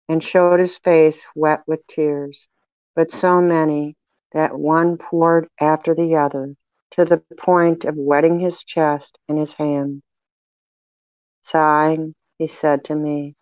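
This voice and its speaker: A reader narrating a devotional text with a measured, even delivery. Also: mid-range voice, clear, resonant tone, no echo, dull audio. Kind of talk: devotional reading aloud.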